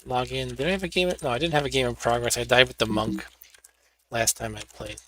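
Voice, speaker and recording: A man's voice: medium pitch, steady tone, a little fast, fairly bright tone. A man hosting a live gaming stream, chatting casually and narrating each step as he sets up and plays. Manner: chatty, narrates his own setup steps. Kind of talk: casual gameplay commentary.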